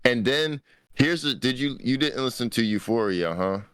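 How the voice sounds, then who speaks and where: A man's voice: medium pitch, lively intonation, moderate pace, fairly bright tone, smooth, no room sound, clean studio sound. A man co-hosting a podcast in casual chat, blunt and emphatic, swearing freely. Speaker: podcast co-host.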